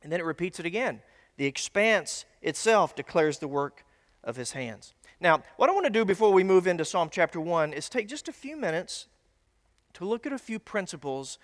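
A man's voice: high voice, very animated, moderate pace. A man preaching a teaching sermon to a congregation in a conversational, folksy way with little asides. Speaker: pastor. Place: church sanctuary. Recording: long hall reverb.

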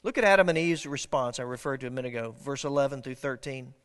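A man's voice: mid-range voice, fast, a bit bright, in a large hall. A man preaching a sermon as pastor, earnest and dynamic, often restarting his words.

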